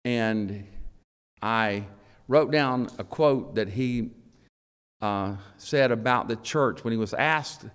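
A male preacher delivers a sermon at an unhurried, measured pace, leaning into key words and letting long pauses hang between phrases. His voice sits in an ordinary middle register. The sound carries a long reverb, as if heard in a large church sanctuary. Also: medium pitch, clear, resonant tone. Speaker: elder preaching to his congregation.

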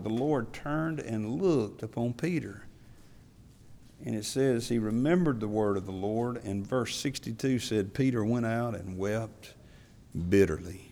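A male pastor preaching a sermon in an earnest, confessional way, his voice swelling to loud, emphatic peaks. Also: fairly low pitch, vocal fry. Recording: long hall reverb.

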